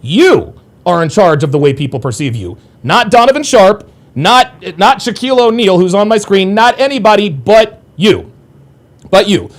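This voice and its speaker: Male live-stream host, high and animated delivery, profane and combative. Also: normal speed. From United States. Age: adult. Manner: profane, combative when angered. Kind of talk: live stream chat, reading viewer comments.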